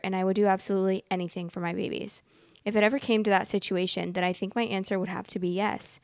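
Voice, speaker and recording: A woman hosts a podcast, reading an online story aloud before breaking off to react to it in her own words. Her voice sits at an ordinary middle pitch, and the sound is dry and close. Her reactions are expressive, full of fillers and restarts as she thinks out loud. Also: dry recording. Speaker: podcast host.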